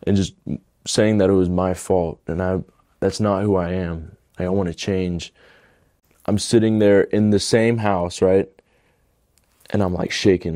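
A young man telling a personal conversion story in a halting, emotional way. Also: deep voice, mellow, dry recording, studio quality. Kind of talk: personal testimony.

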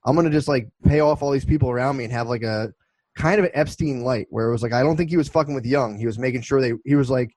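A man's voice: medium pitch, fast, darkish tone, no room sound, low-quality recording. A man in his twenties co-hosting a podcast, telling rambling, profane stories in casual chat. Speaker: podcast co-host.

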